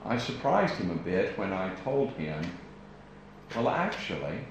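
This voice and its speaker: American man, preaching, lively pitch, very echoey hall, faint hiss. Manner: deliberate, emphatic, pausing speaker. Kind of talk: evening sermon.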